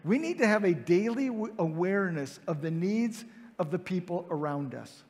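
High-voiced preacher in an echoing hall. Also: male voice, animated, normal speed, a little mellow. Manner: conversational, acts out the scene with quoted voices. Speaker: pastor. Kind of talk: sermon. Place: large hall with heavy reverb. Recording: reverberant hall sound.

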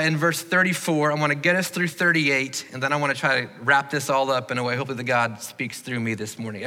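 Speaking from the church sanctuary with long hall reverb around him, a pastor delivers a friendly, uplifting sermon and tosses light jokes to the congregation. His slightly high voice sounds pushed and bright.

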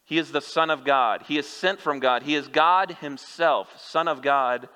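A man's voice: a little high, moderate pace, bright, forceful tone, clear, resonant tone. A male pastor preaching a sermon, speaking earnestly and directly to his listeners. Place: church sanctuary. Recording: long church hall reverb.

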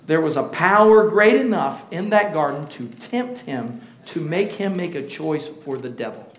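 High-voiced preacher in an echoing church. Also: male voice, animated, moderate pace. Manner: preaching with swings from hushed to shouted. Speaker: pastor. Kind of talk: sermon. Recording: roomy church echo.

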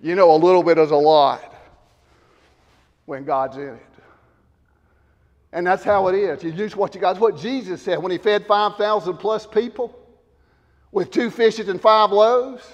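A man preaching a sermon to a congregation, swinging from loud shouted emphasis down to low, quiet asides. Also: a little slow, pauses often, big-room sound, lo-fi sound.

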